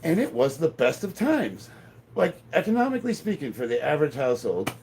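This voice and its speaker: Gravelly, profane man in his fifties. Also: on the high side, sing-song, brisk, a little mellow, a little hiss or hum. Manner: profane, blunt, laughs often. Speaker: strength training vlogger. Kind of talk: casual rambling chat while lifting. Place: home gym.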